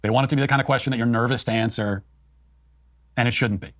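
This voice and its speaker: Man, political commentary, rapid and emphatic, dry close mic. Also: mid-range voice, steady tone, dry recording. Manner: fast, emphatic, argumentative. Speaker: co-host.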